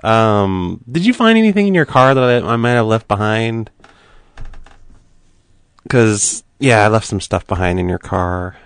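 A man making prank phone calls, keeping an innocent, deadpan tone while needling the people he calls. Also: on the low side, unhurried, clean tone, no room sound. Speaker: prank caller.

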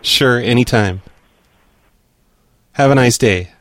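A man's voice: mid-range voice, takes it slowly, fairly bright tone, slight background noise. A man making prank calls, talking to his listeners in between and posing as someone from a corporate office in a dry, mock-official tone. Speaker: prank caller. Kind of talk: prank call commentary.

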